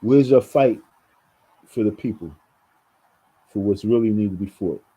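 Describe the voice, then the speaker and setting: A man's voice: fairly low pitch, a little slow, mellow, husky, rough recording. A man from New York talking straight to his viewers in a rambling commentary, often repeating words and calling them folks. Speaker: vlogger. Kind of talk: casual commentary monologue.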